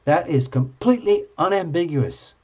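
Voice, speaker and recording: A man hosting a live tarot stream, chatting with viewers in an excitable, gushing and playful way. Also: fairly high pitch, moderate pace, breathy edge. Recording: dull lo-fi stream audio.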